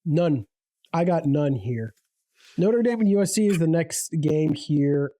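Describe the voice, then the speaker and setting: A man co-hosting a casual sports picks podcast, easygoing and halting, often repeating his words. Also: on the high side, expressive, warm tone, no room sound. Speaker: podcast co-host.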